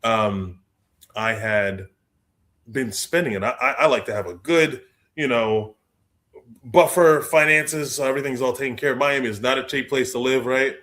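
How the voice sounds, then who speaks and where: A young adult man, a guest author telling stories in a lively way, acting out the people he quotes. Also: medium pitch, normal speed. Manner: expressive, acts out quoted voices, repeats words. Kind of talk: animated storytelling in conversation.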